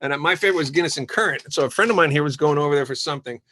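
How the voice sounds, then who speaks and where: A man's voice: a little high, rapid-fire. A man, a musician guest on a podcast, telling stories in casual conversation and acting out the voices of people he quotes. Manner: animated storyteller, acts out quoted voices.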